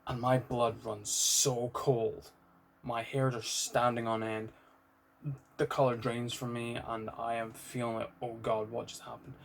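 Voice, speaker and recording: A man's voice: medium pitch, level tone, takes it slowly, slight background noise. Candid rambling British man. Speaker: vlogger. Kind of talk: unscripted personal vlog monologue.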